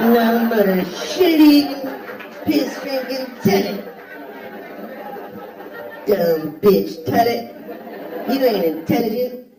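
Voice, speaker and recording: A man's voice: high voice, pitched above the performer's own voice, full character voice. A man acting out a crude guy taunting his toilet while peeing, trash-talking in a stand-up bit, recorded live in a roomy hall with the audience laughing. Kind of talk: stand-up act-out.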